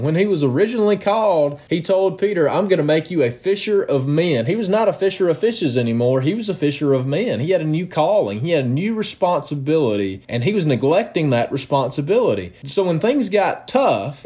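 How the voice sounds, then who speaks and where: A man's voice: on the high side, darkish tone. Man preaching an emphatic sermon. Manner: emphatic preaching, reads scripture aloud in King James wording.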